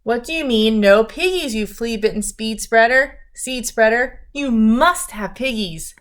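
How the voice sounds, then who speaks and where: A woman voicing a cranky, greedy storybook witch who shrieks and cackles her demands in a raised, higher voice. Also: a little slow, natural voice. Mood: demanding. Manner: shrill screeching and cackling.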